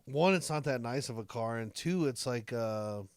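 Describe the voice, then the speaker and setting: A man with a smooth, clear voice chats casually on a podcast and drops dry, teasing jokes. His pitch is ordinary. The sound is close and dry. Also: animated, normal speed, dry recording. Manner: dry teasing quips, laid-back. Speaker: podcast co-host. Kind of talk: casual chat.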